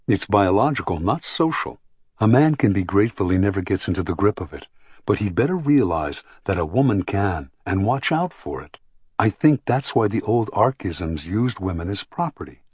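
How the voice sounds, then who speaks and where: Earnest reflective young woman, read by a man, husky tone, lively inflection, dry close sound. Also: fairly low pitch, no echo. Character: thoughtful young adult woman, frank and self-critical. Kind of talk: audiobook character reading.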